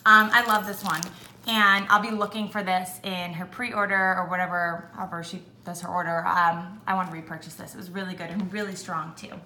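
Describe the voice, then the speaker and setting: Young woman, chatty, filler-heavy, bright voice, echoey room, faint hiss. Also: on the low side, level tone, fairly quick. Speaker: beauty vlogger. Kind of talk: casual review chat. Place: home with dogs.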